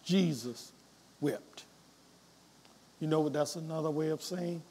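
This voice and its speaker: Slow high-voiced preaching pastor. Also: male voice, slightly rough. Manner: reads scripture then preaches, swinging from soft to loud. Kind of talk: sermon.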